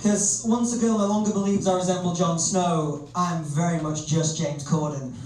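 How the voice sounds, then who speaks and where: Northern English comic in an echoey club. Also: male voice, high voice, normal speed, heavy background noise. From north of England. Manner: self-deprecating, lively storytelling. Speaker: stand-up comedian. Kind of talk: stand-up comedy set. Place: comedy club stage. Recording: echoey club, distant mic, crowd.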